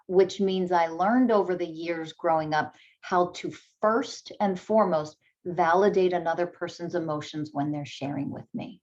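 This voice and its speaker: A woman's voice: fairly low pitch, fairly even intonation, normal speed, few pauses, a little mellow. A woman speaking as a parenting coach in an instructional video, emphatic and repeating her key points, and soothing when she models what to say to a child. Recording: dull lo-fi recording.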